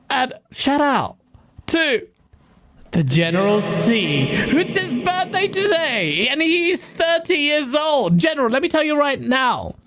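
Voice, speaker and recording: A woman hosting a casual gaming talk show, energetic and playful, laughing often. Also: a little high. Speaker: host.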